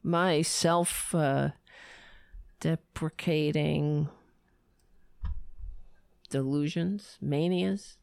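A woman hosting her own show, signing off in a rambling, self-deprecating way with halting restarts, her voice worn low and hoarse from shouting. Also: fairly even intonation, no echo, clean studio sound. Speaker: show host. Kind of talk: casual live-show sign-off.

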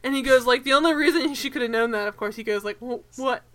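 A woman's voice: high voice, fast talker, fairly bright tone. A woman co-hosting a podcast in casual chat, ranting with animation, swearing and laughing as she talks. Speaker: podcast co-host.

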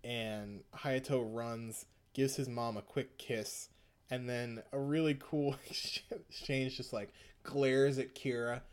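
A man's voice: medium pitch, fairly even intonation, slow, clean tone. A man retelling an episode in casual chat, rambling, swearing and laughing often.

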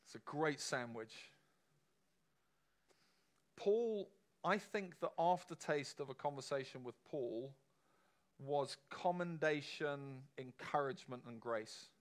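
A man's voice: mid-range voice, takes it slowly. A man preaching a sermon to a congregation in a conversational, emphatic way, often asking the room questions.

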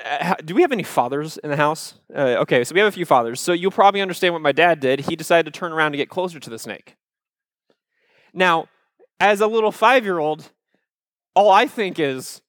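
A man from Iowa, telling a personal story to a live audience in a conversational way, with asides to the crowd and animated retellings of his childhood panic. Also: high-pitched, moderate pace, no echo, studio quality. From Iowa, USA. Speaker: speaker addressing a live audience.

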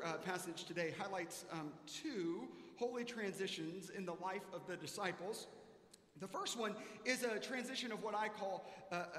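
A man's voice: high-pitched, a bit bright. A man preaching a sermon as a pastor, telling a self-mocking personal story. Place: church sanctuary. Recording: echoey church hall.

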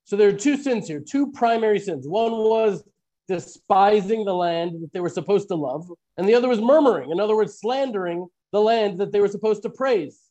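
A man's voice: high-pitched, animated, normal speed, dark tone. A man hosting a live online Bible teaching, posing earnest questions to his listeners.

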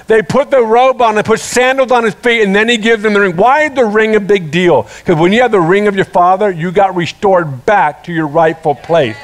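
A man preaching a sermon, retelling a parable with animated storytelling and acted-out voices. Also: high-pitched.

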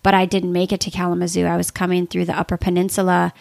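Gravelly woman telling lively road stories. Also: lowish voice, fast talker, dry recording, studio quality. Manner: animated, lots of "like" fillers. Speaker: podcast guest. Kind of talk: conversational storytelling.

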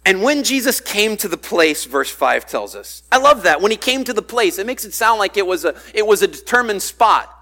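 Male pastor, high and bright voice, preaching casually, playing out the quoted lines. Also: sing-song, normal speed, few pauses. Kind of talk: sermon.

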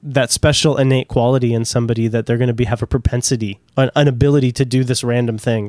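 A man co-hosting a casual faith podcast, talking in a quick, rambling way and telling stories with animation. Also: mid-range voice, steady tone, darkish tone, dry recording, clean studio sound. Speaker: podcast co-host.

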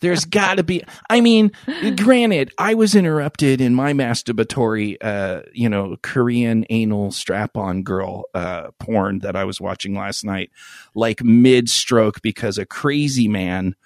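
A man's voice: on the low side, unhurried, no room sound, clean studio sound. A man co-hosting a crude podcast, telling a rambling, profane story full of fillers. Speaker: podcast co-host. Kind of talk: crude casual podcast banter.

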